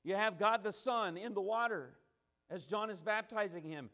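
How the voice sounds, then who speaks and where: Preacher, male, high pitch; emphatic sermon delivery, repeats lines for weight. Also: moderate pace, pushed and bright. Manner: emphatic, repeating and restarting phrases, acting out quotes.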